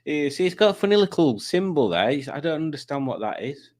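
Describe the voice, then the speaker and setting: Bloke on a live stream, chatty and jokey, reading out comments and messing about. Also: male voice, a little high, very animated, brisk, darkish tone. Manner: chatty, jokey, does silly voices for commenters.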